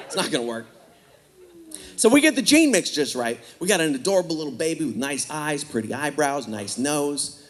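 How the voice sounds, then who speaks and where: A man performing a stand-up comedy set with a punchy, animated delivery, often slipping into character voices. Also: on the high side, normal speed, a faint crowd. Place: comedy stage before a laughing audience.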